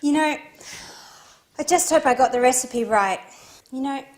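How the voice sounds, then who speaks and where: Actress as high-voiced, flustered young woman. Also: unhurried. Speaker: actress in a teaching drama. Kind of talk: scripted dialogue for learners.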